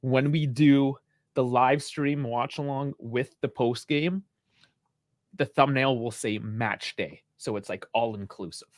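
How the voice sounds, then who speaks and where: A man's voice: medium pitch, measured pace, dry recording, clean studio sound. Laid-back man co-hosting a live stream. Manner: relaxed, laughs often. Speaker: podcast co-host. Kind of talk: casual live stream chat.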